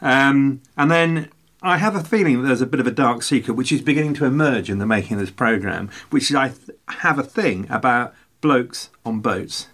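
A man's voice: medium pitch, normal speed, fairly bright tone. A man co-hosting a podcast, chatting casually and rambling through jokey, self-mocking anecdotes. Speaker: podcast co-host.

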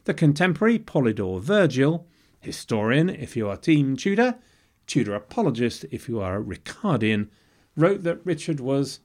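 A man's voice: mid-range voice, sing-song, moderate pace, a little mellow. A man hosting a podcast, narrating history from a script with wry, jokey asides. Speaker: podcast host.

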